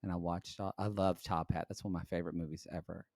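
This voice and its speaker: A man co-hosting a podcast, recapping a reality show in casual chat with catty, expressive commentary and free swearing. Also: sits low, quick pace, vocal fry, no echo. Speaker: podcast co-host.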